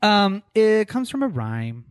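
Casual male co-host, lively pitch, dry close sound, laughs easily. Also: slow, smooth, dry recording. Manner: animated, laughs often, restarts sentences. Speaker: podcast co-host. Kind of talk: casual chat.

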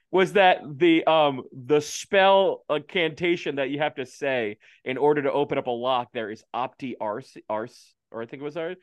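A man's voice: a little high, clean tone, dry recording. A man co-hosting a casual podcast chat, joking and giggling often as he talks. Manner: giggly, jokey, quick asides. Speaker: podcast co-host.

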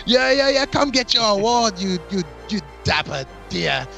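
A man's voice: high voice, sing-song, moderate pace, vocal fry, bright, forceful tone, faint music behind. A man hosting a casual wrestling awards chat, playful and exaggerated, swearing freely. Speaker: podcast host giving awards.

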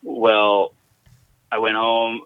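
Man with a low voice over a phone line. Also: little pitch movement, clear, resonant tone, no room sound. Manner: halting, reflective. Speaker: guest. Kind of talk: personal storytelling.

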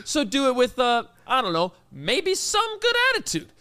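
A high-pitched man tells a story in casual chat. He sounds incredulous and mock-outraged, piling up asides as he goes. His voice sits well above the usual male range. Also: huge pitch swings, normal speed, bright, forceful tone, smooth. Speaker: podcast co-host.

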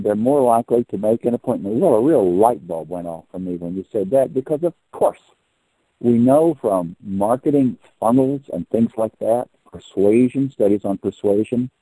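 Older guy host, super mellow low-toned husky voice, dry close sound, chatty and rambly. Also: no echo, rough recording. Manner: long-winded, explanatory, folksy. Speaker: podcast host. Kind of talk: conversational interview.

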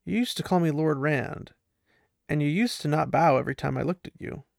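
A man's voice: on the high side, a little fast, gravelly, no room sound. A man voicing an exasperated young male lord, read in a voice close to his own.

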